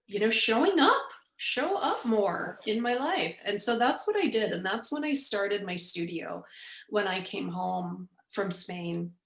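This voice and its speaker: A woman in her forties, the guest, telling a personal story with lively storytelling and acted-out quotes. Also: mid-range voice, measured pace, roomy sound, rough recording. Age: 40s. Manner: animated storyteller, acts out quoted speech. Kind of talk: storytelling in an interview.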